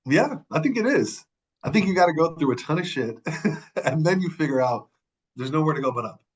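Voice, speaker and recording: A man, a podcast guest, telling a story in a casual, animated and profane way, acting out the people he quotes. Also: a little high, a little fast, rough recording.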